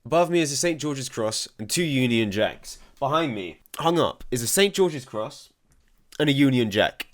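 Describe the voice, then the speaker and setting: A young Englishman whose accent carries a slight American and European mix, reading viewer comments aloud and answering them in a halting way, often repeating words as he starts a sentence. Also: mid-range voice, expressive. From England. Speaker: commentary channel host.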